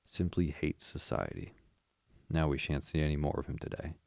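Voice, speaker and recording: A man voicing a sociable, easygoing male water rat in a storybook reading, in a gravelly voice. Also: rumbling low, lively intonation, normal speed, a little mellow, no echo, studio quality, heavily acted. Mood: cheery.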